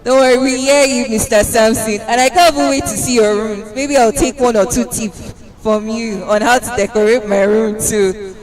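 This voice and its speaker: A man's voice: very high-pitched, fairly even intonation, normal speed, rough recording. A man hosting an event as master of ceremonies, upbeat and hyping up the crowd. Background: music.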